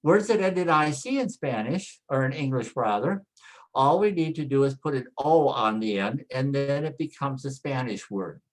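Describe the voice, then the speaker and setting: A man teaching Spanish pronunciation from slides, slowly repeating each word so learners can follow. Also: medium pitch, lively intonation, poor audio. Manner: slow, deliberate, repeats words for practice. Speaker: Spanish instructor. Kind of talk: slide-based pronunciation lesson.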